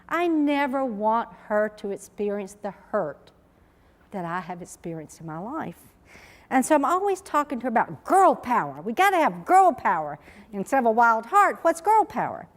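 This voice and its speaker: Animated woman in an echoing hall. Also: on the high side, normal speed. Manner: emphatic, animated storytelling. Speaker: researcher giving a conference talk. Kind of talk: conference keynote speech. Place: large conference hall. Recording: reverberant lecture hall.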